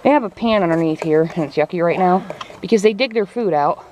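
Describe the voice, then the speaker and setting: A woman's voice: lowish voice, fast talker, darkish tone. A woman chatting casually while doing farm chores outdoors, talking to her animals. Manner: chatty, coos baby talk to her animals. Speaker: farm vlogger. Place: outdoors at a chicken coop on a farm. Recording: noisy outdoor farm recording. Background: chickens clucking.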